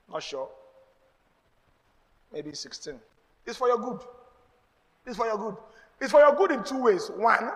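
A pastor with a Nigerian accent preaches a sermon in church, calling out emphatically and drawing responses from the congregation. His voice is high-pitched with a fairly bright tone, and the large hall gives the recording a long reverb.

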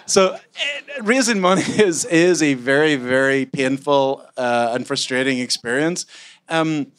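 A man from Scotland, a startup founder, answering onstage interview questions in a rambling, animated way full of fillers and self-mocking asides. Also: on the high side, measured pace, clean tone. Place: event room with a live audience.

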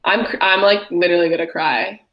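A young woman co-hosting a podcast, chatting bluntly and excitably, swearing often. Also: fairly low pitch, brisk, highs cut off, background noise. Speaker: podcast co-host. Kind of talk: casual podcast chat.

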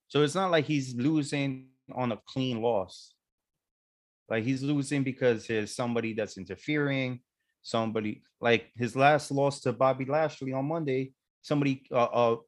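A man co-hosting a podcast, talking in an easygoing, slangy way. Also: medium pitch. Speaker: podcast co-host. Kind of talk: casual chat.

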